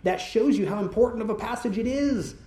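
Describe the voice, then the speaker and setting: A man's voice: high-pitched, fairly quick, dark tone, roomy sound. A pastor preaching an expository sermon, teaching earnestly and often checking in with his listeners by asking "right?".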